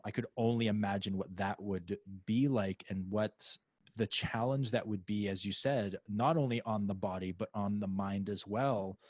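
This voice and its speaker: Low-voiced man hosting a podcast. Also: dry recording. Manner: rambling, many restarts and fillers. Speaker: podcast host. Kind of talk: casual interview chat.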